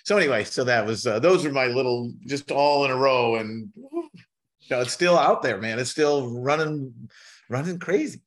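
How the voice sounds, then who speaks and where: A middle-aged man spinning casual stories as a podcast guest, in a mid-range voice. He slips into quick impressions of the people he met, with a wry, animated delivery. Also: mid-range voice. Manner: wry, animated anecdote-telling with mimicked quotes. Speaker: musician guest. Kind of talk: casual storytelling in a podcast interview.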